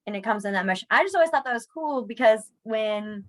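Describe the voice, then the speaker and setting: A woman's voice: on the high side, fast talker, rough recording. A young woman, teaching a casual sign language class in a chatty, self-deprecating way. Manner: chatty, self-deprecating, animated when students try signs. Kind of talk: casual online class instruction.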